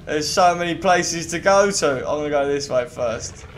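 A man's voice: fairly high pitch, moderate pace, background noise. A young man giving casual let's play commentary, chattering to himself and the game. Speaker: gaming youtuber.

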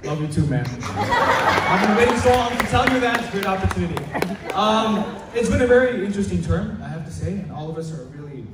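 A male student in his late teens doing stand-up comedy at school, chatty and stammering, loudly acting out his teachers. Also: sits high, very animated, fairly quick, few pauses. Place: school hall with an audience. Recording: echoey hall recorded from far off. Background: audience laughter and room noise.

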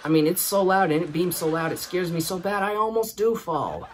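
A man's voice: high voice, expressive, brisk, slight background noise. A man hosting a show, telling a comic story and laughing through it. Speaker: host. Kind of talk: comedic storytelling.

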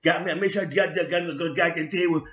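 Animated New York man telling a street story. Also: on the high side, racing, roomy sound. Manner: animated street slang with frequent "you know what I'm saying"; sound effects and loud bursts. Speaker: vlog host. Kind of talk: casual storytelling monologue.

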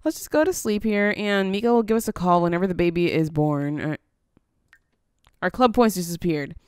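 A woman's voice: lowish voice, expressive, moderate pace, darkish tone, clean tone, dry recording, clean studio sound. A woman giving casual let's-play commentary, chatty and easily surprised, coaxing her game character along. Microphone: headphones on, desk mic.

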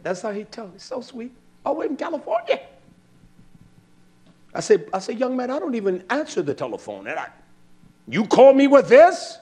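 Man, fiery religious teacher with a high voice; swings from shouted rebukes to hushed asides. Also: wildly swooping pitch, normal speed, long pauses. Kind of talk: impassioned preaching.

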